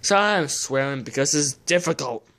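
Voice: medium pitch, expressive, moderate pace, a bit bright. A young adult host muttering casual commentary while opening trading card packs, often swearing in frustration.

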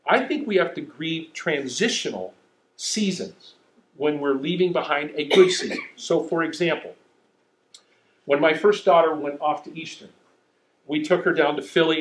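Storytelling preacher man in an echoey hall. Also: fairly high pitch. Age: middle-aged. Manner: storytelling, animated and self-mocking. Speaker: pastor. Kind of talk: sermon.

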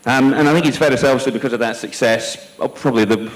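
A man moderating a conference panel, speaking in a measured, reflective way with some hesitations. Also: medium pitch, poor audio. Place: conference hall.

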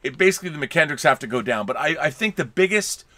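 A man's voice: on the high side, expressive, quick pace, sharp tone. A man co-hosting a movie review show, chatting casually and rambling with many restarts and fillers. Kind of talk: casual film review chat.

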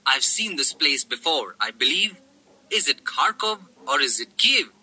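A woman's voice: deep voice, very animated, unhurried, bright, forceful tone, breathy edge, voice pushed down, heavily acted, poor audio. A woman voicing a muddled, absent-minded man who speaks politely but sounds bewildered.

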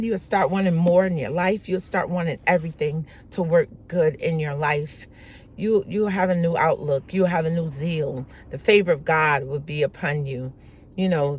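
A woman's voice: low voice, a little mellow. A woman preaching a devotional message, fervent and prayerful, repeating her phrases for emphasis. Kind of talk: devotional exhortation.

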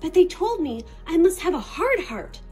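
A woman's voice: extremely high pitch, very animated, normal speed, dark tone, faint music behind, voice pushed up. A woman voicing a small, curious young male crab in a storybook read-aloud, eager and wondering.

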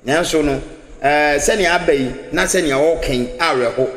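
A man's voice: fairly high pitch, moderate pace, fairly bright tone. Ghanaian man, echoey radio host. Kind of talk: radio talk show commentary.

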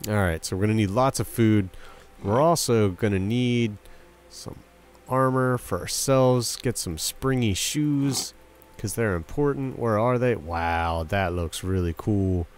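A man's voice: on the low side, a little slow, a little hiss or hum. A young man giving casual gameplay commentary, chatting with game characters and breaking into yelps and silly sound effects. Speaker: let's play commentator.

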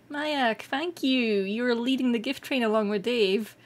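A woman's voice: on the high side, slow. Giggly Scottish woman streaming. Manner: excitable and giggly, laughs often. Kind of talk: casual livestream chat.

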